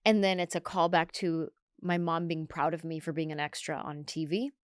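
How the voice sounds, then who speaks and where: A woman comedian telling stories in a podcast interview, animated and acting out other people's lines. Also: sits low, moderate pace, clear, resonant tone, no room sound, studio quality. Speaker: guest comedian. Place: podcast studio.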